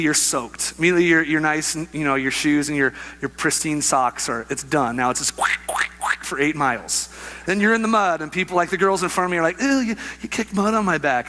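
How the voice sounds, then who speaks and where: Bright, animated male pastor preaching. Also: a little high. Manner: animated storyteller, acts out voices with laughs. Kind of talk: sermon with a personal story.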